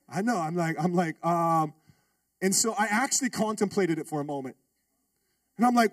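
Male pastor, storytelling sermon, lively and funny, high voice, dry off-mic sound. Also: normal speed, pauses often, dry recording, recorded from a distance. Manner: animated, humorous, calls out to the congregation.

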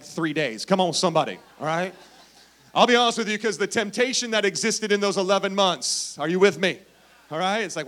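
A man's voice: on the high side, fairly bright tone. A man preaching a sermon in a playful, storytelling way, often calling out questions to the congregation. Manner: playful, asks the crowd for responses. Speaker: pastor.

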